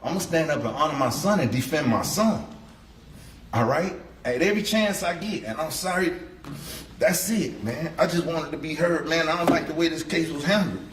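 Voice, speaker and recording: A man's voice: a little high, normal speed, far from the mic. A man speaking as a victim's father in court, blunt, emotional and colloquial. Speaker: victim's father giving an impact statement. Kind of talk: courtroom victim impact statement. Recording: roomy courtroom, mic from afar, faint hiss.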